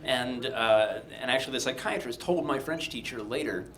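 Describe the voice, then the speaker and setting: A man from Delaware telling a funny personal story live, in a wry, animated way with a comic sense of timing. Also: medium pitch, brisk, few pauses, background noise. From Delaware, USA.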